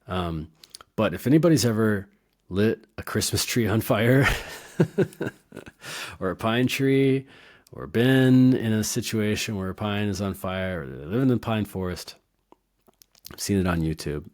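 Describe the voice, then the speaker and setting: A man with a very deep voice talks through his ideas in a loose, meandering way, as if thinking aloud. He is playful and breaks into quiet laughs at his own wordplay. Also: lively intonation, a little slow, long pauses. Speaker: herbalist podcast host. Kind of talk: casual educational monologue.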